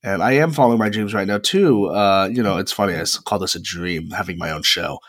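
Male, 20s, solo podcast host: lowish voice, relaxed rambling chat with lots of pauses, dry close-mic sound. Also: no room sound. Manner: chatty and rambling, with frequent pauses. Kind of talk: casual solo podcast monologue.

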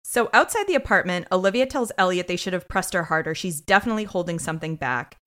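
Brief: female podcast co-host, animated delivery, snarky, swears freely, wide-ranging pitch. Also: quick pace. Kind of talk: casual recap chat.

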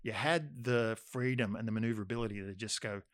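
A man's voice: lowish voice, quick pace, a bit bright, no echo, studio quality. A man with an Australian accent telling a long, rambling story, full of fillers. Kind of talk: casual chat anecdote.

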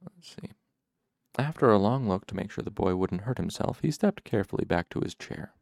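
A man reading a novel aloud as first-person narration, in a measured, even storytelling manner. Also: sits low, vocal fry, no room sound, clean studio sound. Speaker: audiobook narrator.

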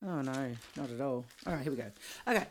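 Aussie woman co-host, middle-aged, low voice, giggly and scattered. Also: fast, slight background noise. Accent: Australian. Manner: giggly, rambling, loses her place. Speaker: podcast co-host and singer. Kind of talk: casual podcast chat.

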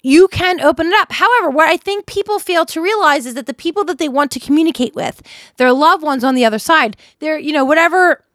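A Canadian woman in her thirties co-hosting a podcast in animated, laughing, swearing banter. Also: sits high, a little fast, no room sound, studio quality. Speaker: podcast co-host. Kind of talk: casual banter.

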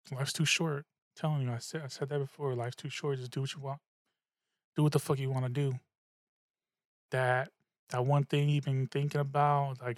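A man's voice: fairly high pitch, no echo, studio quality. A man hosting a casual solo podcast, rambling and swearing in a laid-back way, a little tipsy and slurring slightly. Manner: rambling, profane, laid-back, laughs at himself. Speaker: podcast host.

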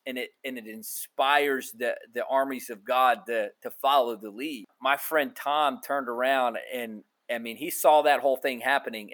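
Man, podcast guest, storytelling testimony, animated, casual slang, medium pitch. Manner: animated, colloquial, addresses listener as bro.

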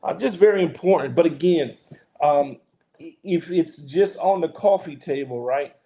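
A man talks through a Bible passage as pastor and co-host, slightly high in pitch with a mellow, warm tone. He speaks earnestly, often restarting and repeating words as he builds toward an emphatic point. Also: normal speed, slight background noise. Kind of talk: casual Bible discussion.

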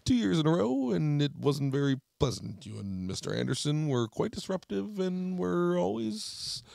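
A man doing a voice of a stern, old-fashioned male schoolteacher who speaks in a prissy, stiffly formal, drawn-out way. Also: a little high, big pitch swings, gravelly, darkish tone, dry recording, clean studio sound, voice pushed up, heavily acted. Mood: stiffly prim.

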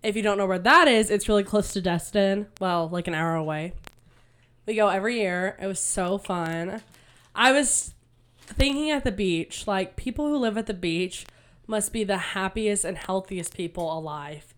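A young woman co-hosting a podcast in casual chat, bubbly and chatty, her voice still slightly raspy from a cold. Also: medium pitch, moderate pace, a bit bright. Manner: bubbly, chatty, full of "like" fillers. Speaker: podcast co-host.

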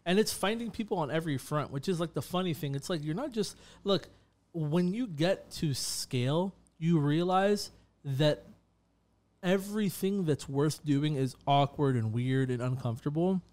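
A man's voice: a little high, moderate pace, a little mellow. A man co-hosting a casual podcast, talking emphatically and profanely and tossing in "bro" often. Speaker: podcast co-host.

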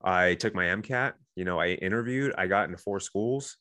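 A man's voice: low-pitched, normal speed, bright, forceful tone, no echo, clean studio sound. A man in his thirties, a guest on a talk show, telling his own story candidly and earnestly, with many restarts and "you know"s.

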